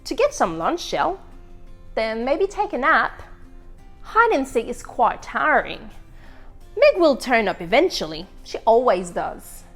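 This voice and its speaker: A woman's voice: on the high side, big pitch swings, unhurried, a bit bright, soft background music, exaggerated voice. A woman doing giddy squealing little eggs. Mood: carefree. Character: excitable gang of runaway eggs. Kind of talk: storytime read-aloud.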